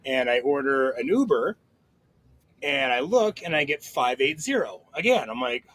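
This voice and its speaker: A man's voice: mid-range voice, very animated, fairly bright tone, poor audio. Man telling a rambling story. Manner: rambling storytelling with quick asides and swearing. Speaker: podcast host. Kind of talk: casual chat.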